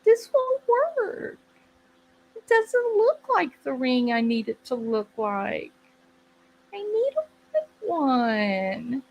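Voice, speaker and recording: Woman putting on a high whiny childish wife. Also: very animated, slow pace, long pauses, highs cut off, a little hiss or hum, heavily acted. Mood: whiny pleading. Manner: pleading, childish whine. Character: whiny, demanding adult wife throwing a tantrum.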